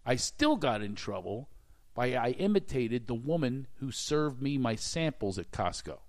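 A man's voice: mid-range voice, measured pace. A man hosting a podcast, telling self-deprecating stories in a casual comedic chat. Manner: animated, self-deprecating storyteller. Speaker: podcast host.

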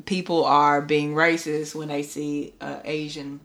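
A woman's voice: deep voice, level tone, measured pace, fairly bright tone. A woman from Queens co-hosting a podcast, blunt and emphatic in casual chat, swearing as she talks. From Queens, New York. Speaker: podcast co-host.

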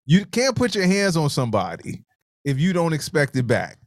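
A man's voice: on the high side, normal speed, dry recording. Guy on a livestream telling a story all fired up, cussing, dry close mic. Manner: animated storytelling, swears freely. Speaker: livestream co-host. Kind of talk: casual chat reading viewer comments.

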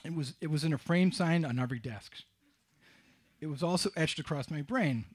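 A middle-aged man telling a wry, self-mocking personal story on stage, with halting restarts. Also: on the high side, husky. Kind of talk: live storytelling.

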